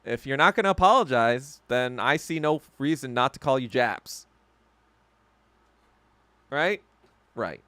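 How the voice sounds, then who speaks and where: A man's voice: medium pitch, expressive, a little slow, pauses often, sharp tone, no room sound. A man hosting a podcast, ranting and swearing in casual chat with viewers and laughing often. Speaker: podcast host. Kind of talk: casual livestream chat reacting to viewer comments.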